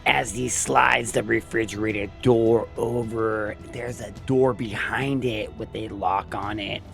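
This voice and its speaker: A man narrating a movie plot recap in a plain, steady storytelling manner. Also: fairly low pitch, creaky.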